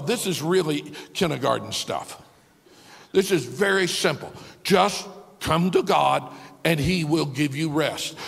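A male pastor preaching a sermon to his congregation, swinging from hushed talk to shouting and acting out the voices he quotes. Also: fairly high pitch, vocal fry, husky, big-room sound. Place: large church sanctuary.

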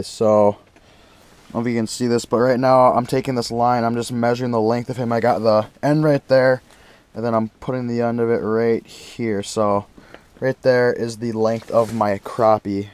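A young man vlogging outdoors on a frozen lake, casually talking to his viewers and getting excited. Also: mid-range voice, dry recording. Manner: excitable, talks straight to viewers. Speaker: fishing vlogger. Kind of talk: casual vlog commentary.

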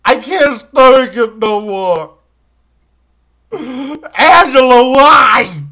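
Comic sketch: man as a whiny, melodramatic scavenger, high-pitched, slow. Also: fairly bright tone, exaggerated voice. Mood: lamenting. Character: battered, self-pitying man who scavenges cans. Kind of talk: comic character monologue to camera.

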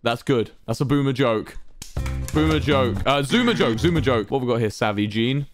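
A man's voice: mid-range voice, lively intonation, moderate pace, over music. A young man in his twenties hosting a live-streamed game event, playfully bossing players around and reading their signs aloud.

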